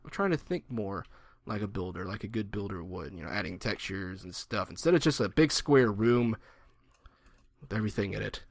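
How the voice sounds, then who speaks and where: A man's voice: lowish voice, lively intonation, normal speed, no room sound. A man in his twenties giving rambling, joking gameplay commentary and mocking himself. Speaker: gaming channel host.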